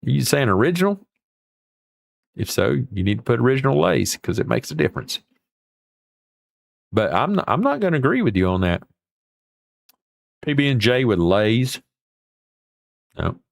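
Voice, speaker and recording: A man's voice: mid-range voice, big pitch swings, normal speed, creaky, long pauses, dry recording, studio quality. A man hosting a livestream, rambling in a folksy way with mild swearing as he reacts to viewer comments. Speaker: livestream host. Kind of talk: casual chat reading viewer comments.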